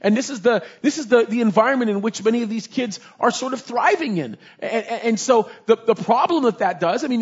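A pastor preaching with a high, husky male voice and an emphatic, repeating delivery full of "you know" asides. The recording sounds dull and lo-fi. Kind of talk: sermon.

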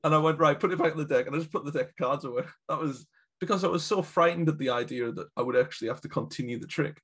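Husky-voiced man, jokey. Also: a little high, quick pace. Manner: jokey, laughs often. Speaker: podcast co-host. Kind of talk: casual film chat.

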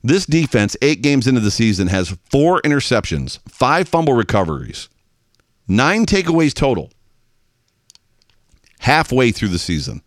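Animated man ranting about football. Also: mid-range voice, unhurried, long pauses, dry recording, studio quality. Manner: animated, exasperated fan ranting. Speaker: podcast host. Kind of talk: sports talk monologue.

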